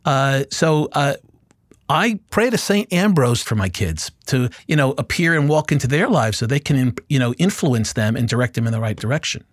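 A man's voice: mid-range voice, lively intonation, normal speed, no echo, studio quality. Chatty Brooklyn man hosting a podcast. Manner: enthusiastic, chatty, many fillers. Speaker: podcast host. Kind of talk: casual interview chat.

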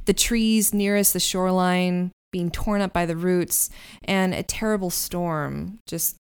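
A woman running a tabletop role-playing session, joking with her players before slipping into descriptive scene narration. Her voice is smooth and clear. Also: lowish voice, fairly even intonation, measured pace. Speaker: game master.

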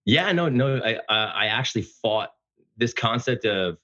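A man talking casually as a podcast guest, speaking loudly and passionately with animated storytelling. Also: measured pace, lo-fi sound. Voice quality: loud booming voice. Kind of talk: casual conversation.

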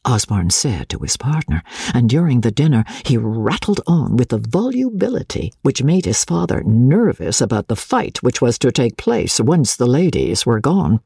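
A woman narrates a classic novel in a theatrical storytelling manner. Her voice is husky, with lively rises and falls in pitch. The studio sound is dry and close. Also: moderate pace, no echo. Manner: expressive, theatrical reading. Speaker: audiobook narrator.

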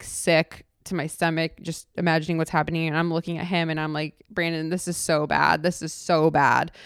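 A young woman tells a personal story with emotion, stumbling through fillers and restarting her sentences. Her voice sits a little low and sounds smooth. The recording is dry and close, with no room sound. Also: no room sound. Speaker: podcast host.

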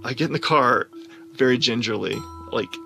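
A man telling a personal story in an animated way, often laughing as he talks. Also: mid-range voice, moderate pace, creaky, faint music behind.

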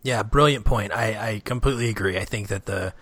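A man's voice: on the low side, fairly quick, fairly bright tone, dry recording. A man in a casual film discussion, speaking in an earnest, agreeable way.

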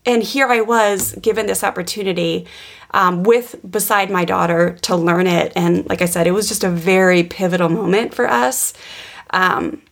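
A woman podcast co-host telling a personal parenting story in an earnest, animated way, with many restarts and fillers. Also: on the low side, normal speed, gravelly. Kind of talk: personal storytelling in casual chat.

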